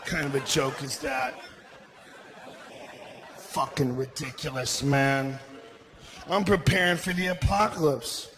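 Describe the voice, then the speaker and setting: A man performing a stand-up comedy set, loud and profane, shouting his punchlines. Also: mid-range voice, steady tone, slow pace, pauses often. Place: comedy club stage with a laughing audience. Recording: live club recording with audible crowd noise.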